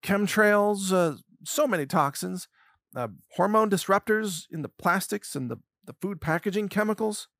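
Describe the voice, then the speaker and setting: A man's voice: on the high side, fairly bright tone, no room sound, studio quality. A man hosting an indignant, sarcastic commentary monologue, firing off long lists. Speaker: commentary host.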